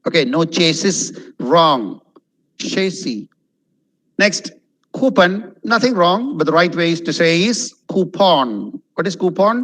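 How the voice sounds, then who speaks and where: A man's voice: fairly high pitch, quick pace, few pauses, a bit bright, low-quality recording. A man with a Malayali accent teaching English pronunciation in a webinar, switching between English and Malayalam and emphatically repeating each word. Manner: emphatic, repeats words over and over to drill them. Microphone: video call.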